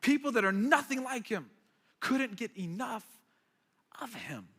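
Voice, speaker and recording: A man's voice: very high voice, normal speed, pushed and bright. A man preaching a sermon as a pastor, conversational and emphatic with playful asides. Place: church hall. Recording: reverberant hall.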